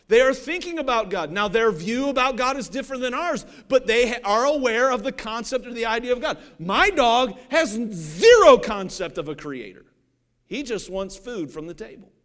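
A pastor from Cincinnati, Ohio preaches a sermon in a conversational, joking style, often checking that the audience is following along. His voice is high-pitched and a bit bright.

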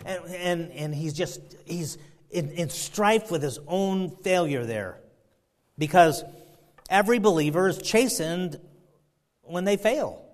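A man preaching a sermon, fervent, swinging between loud emphasis and quiet asides. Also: fairly high pitch. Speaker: pastor.

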